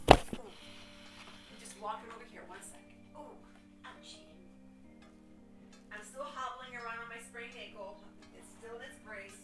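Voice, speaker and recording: Chatty woman streamer with allergies. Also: mid-range voice. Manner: chatty and rambling, asides to her pet. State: allergy-stuffed voice. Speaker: game streamer. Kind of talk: casual chat while gaming. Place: at home.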